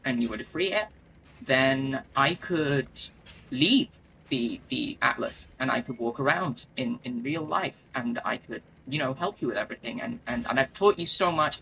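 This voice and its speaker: A man voicing a falsely friendly spirit-king who rambles with fillers, slightly higher than his own voice. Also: creaky, bright, forceful tone, a little hiss or hum, poor audio. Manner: rambling, wheedling, halting with fillers.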